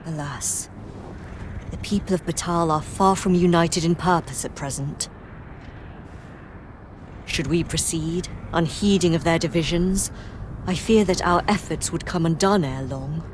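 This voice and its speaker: An actress voicing a grave, stately noble leader in a fantasy video game, speaking in measured, formal, old-fashioned phrasing. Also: female voice, on the low side, a little hiss or hum, lightly acted. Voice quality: measured, formal archaic diction.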